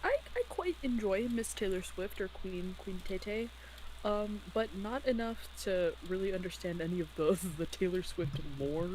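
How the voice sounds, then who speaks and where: A woman chats on a voice call with plenty of hesitant ums and light giggles. Her voice is mellow and warm. A faint hiss sits under it. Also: medium pitch, expressive, normal speed, low-quality recording. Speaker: friend on voice chat. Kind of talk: casual chat.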